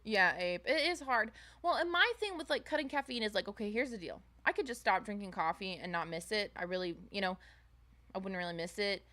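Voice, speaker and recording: A woman's voice: animated, a little fast, bright, forceful tone. A young woman streamer chatting casually with her viewers at home, rambling with fillers and restarts. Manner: high baby-talk voice to her pets. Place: home, indoors.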